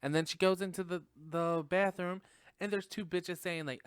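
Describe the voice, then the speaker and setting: A man hosting a podcast and giving a casual, rambling movie review, animated and full of swearing and fillers. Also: high-pitched, normal speed, clean tone, no room sound, clean studio sound. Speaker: podcast host.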